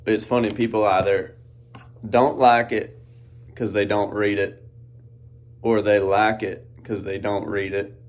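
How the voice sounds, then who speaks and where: A man with a drawl hosts a podcast, his voice sitting a little low. He rambles along in an easygoing, unhurried way. His talk is loose and folksy, full of country slang. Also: darkish tone. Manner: laid-back rambling with Southern-style slang. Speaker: podcast host. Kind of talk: casual monologue. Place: outdoors in farm fields.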